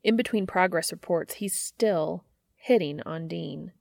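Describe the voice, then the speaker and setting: Low, gravelly woman narrator with wry comic timing, dry close recording. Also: unhurried, a little mellow, dry recording. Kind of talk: fan fiction reading.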